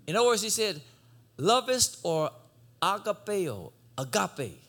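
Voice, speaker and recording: A man preaching a sermon, swinging from shouted exhortation to low conversational teaching. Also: big pitch swings, measured pace.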